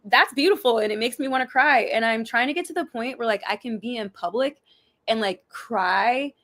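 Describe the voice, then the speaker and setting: A young woman co-hosting a casual chat, telling stories in an animated way and acting out little scenes with laughs. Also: fairly high pitch, moderate pace. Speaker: co-host.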